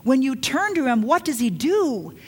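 A middle-aged woman preaching a sermon, emphatic, dropping to hushed lines and rising to loud urgent calls. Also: high voice, very animated, moderate pace, breathy edge. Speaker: pastor.

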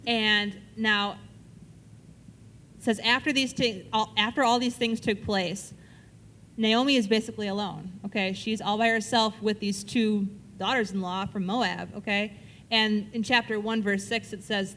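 A woman's voice: mid-range voice, fairly even intonation, moderate pace, a bit bright, slight background noise. A woman leading a Bible study, reading verses aloud and explaining them in a casual, conversational way, often checking in with her listeners. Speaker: Bible teacher.

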